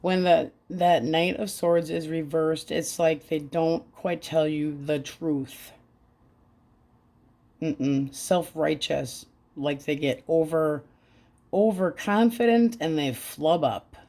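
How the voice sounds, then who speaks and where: Slow-talking blunt woman tarot reader. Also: low voice, dark tone. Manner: blunt, crude, frank commentary. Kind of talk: casual tarot reading.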